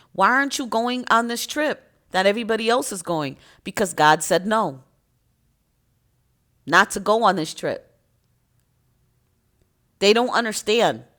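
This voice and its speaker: A woman's voice: medium pitch, fairly bright tone. A woman giving an impassioned, emotional spiritual monologue to her viewers in a preachy, emphatic way. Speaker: spiritual content creator.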